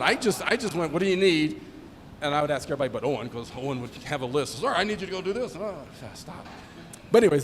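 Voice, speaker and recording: A middle-aged man, a former squadron commander, giving a joking anecdotal speech at a retirement ceremony and acting out the dialogue in his stories. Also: on the high side. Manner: joking storyteller who acts out dialogue. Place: ceremony hall. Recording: long hall reverb, faint ambient noise.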